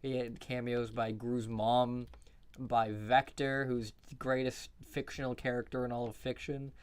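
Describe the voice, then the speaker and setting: A man's voice: medium pitch, little pitch movement, a little slow, smooth. A man streaming casually, reviewing movies in a loose, rambling way, often breaking into laughter and swearing. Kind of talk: casual live-stream chat.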